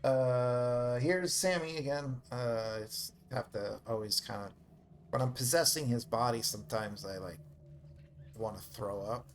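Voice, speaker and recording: A man's voice: medium pitch, a little slow, a little hiss or hum. A man chatting casually while live-streaming a video game, rambling with lots of fillers and joking at his own expense. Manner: rambling, filler-heavy and self-mocking.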